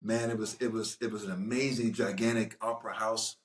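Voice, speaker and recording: A man, an actor, telling stories from a film shoot in a casual, animated way, often restarting his sentences. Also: lowish voice, a little fast. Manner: animated, rambling, frequent restarts. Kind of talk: casual anecdotal storytelling.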